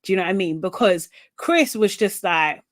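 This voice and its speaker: A woman co-hosting a podcast, recapping a TV show in animated casual chat, quoting people and swearing. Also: mid-range voice, normal speed, no room sound. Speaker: podcast co-host.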